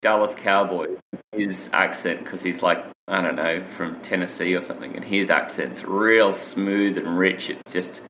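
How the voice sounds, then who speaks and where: A man's voice: low voice, fairly even intonation, measured pace, sharp tone, slight background noise, rough recording. A man with an Australian accent, a podcast guest in playful, chatty conversation. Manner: playful and chatty, laughs easily. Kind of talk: casual chat.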